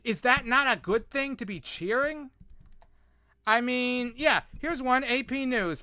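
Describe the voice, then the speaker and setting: A man delivers a sarcastic, exasperated rant, full of swearing, sighs and frustrated repetition. His voice sits high and sounds bright and forceful. The recording is dry, with no room sound. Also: animated, slow, no room sound. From United States. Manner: sighs often, repeats words in frustration. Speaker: commentator reacting to news articles. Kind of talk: ranting commentary.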